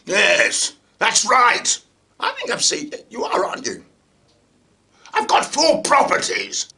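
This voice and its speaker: A smug, boastful politician preens at an audition in a pompous, high voice, as a man puts him on. His pitch bounces widely and his tone stays bright and sharp. It plays as a comic sketch. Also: wildly swooping pitch, slow pace, vocal fry, exaggerated voice.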